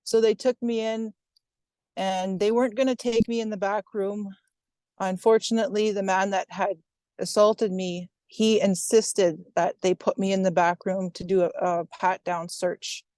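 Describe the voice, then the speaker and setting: Woman, first-person account, flat level delivery, dry close sound. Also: mid-range voice, a little slow, no room sound. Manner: steady, even retelling with quoted dialogue. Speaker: recounting a personal incident.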